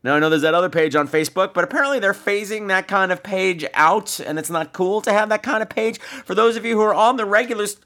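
A man's voice: sits high, fast, hardly any pauses, bright, forceful tone. A man hosting a podcast, campy and theatrical, swearing freely while he wraps up the show. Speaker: podcast host. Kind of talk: solo podcast wrap-up.

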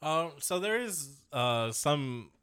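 A man's voice: fairly high pitch, very animated, slow, a bit bright, clean tone. A man co-hosting a podcast in casual, rambling chat, with lots of fillers and swearing. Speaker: podcast co-host.

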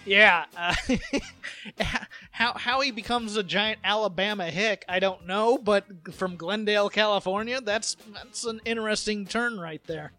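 A man co-hosting a podcast in casual chat, rambling and animated, slipping into mocking impressions. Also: high-pitched, a little slow, soft background music. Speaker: podcast co-host.

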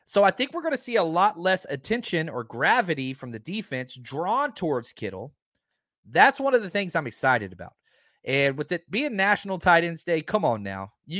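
A man hosting a sports talk show, talking casually and excitedly, stressing his points by repeating them. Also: on the high side, no room sound, studio quality. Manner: excitable, emphatic, keeps repeating himself.

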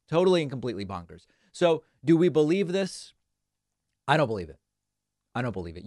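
A man hosts a solo political talk show, sounding incredulous and sarcastic, often restarting his sentences, and he also reads sponsor ads. His voice is on the high side, with studio-quality sound and no echo.

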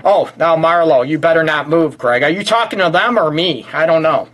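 A man hosting a relationship talk show, his voice sitting a touch high for a man. He teases his guests and pokes fun at himself, with the loose patter of a live chat. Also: normal speed, a bit bright. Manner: playful, teasing, self-mocking. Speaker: host, relationship counselor. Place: home in Metro Detroit.

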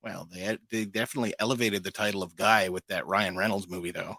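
A man's voice: fairly low pitch, fairly even intonation, fast, pushed and bright, no echo. A man co-hosting a podcast, chiming in with short, dry remarks. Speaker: podcast co-host. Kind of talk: casual banter.

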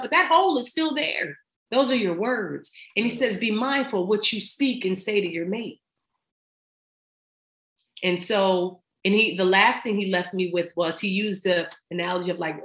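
A woman's voice: medium pitch, fairly bright tone. A middle-aged woman talking as a podcast guest in casual chat, emphatic and slangy as she gives advice. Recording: roomy echo.

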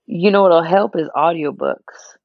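A man's voice: a little high, measured pace, creaky, dry recording, narrow, tinny audio. A young man co-hosting a podcast, chatting in a laid-back way with short agreeing replies. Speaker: podcast co-host. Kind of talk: casual chat.

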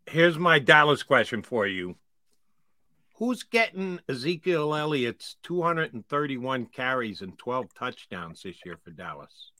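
A man co-hosting a sports podcast, energetic and fond of posing provocative questions. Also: mid-range voice, a little slow, dry recording, clean studio sound. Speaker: podcast co-host. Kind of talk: casual sports podcast chat.

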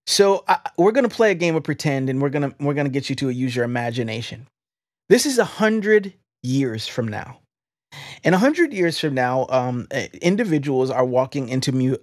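A man's voice: medium pitch, no echo, studio quality. Preacherly, enthusiastic male podcast host. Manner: enthusiastic, preacherly, repeats words. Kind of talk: faith-based interview podcast.

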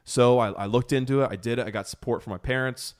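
A man's voice: mid-range voice, fast talker, smooth. Enthusiastic American man telling a story. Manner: enthusiastic, rambling, lots of fillers and restarts. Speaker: podcast host. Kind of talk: casual storytelling chat.

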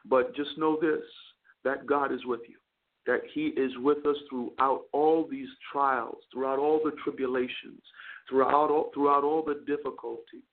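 Male chaplain and radio host, earnest sermon, stumbling repeats, gravelly, phone-line sound. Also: medium pitch, fairly even intonation, moderate pace. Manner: earnest preaching with frequent stammered repeats. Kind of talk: preaching a sermon on a call-in radio show.

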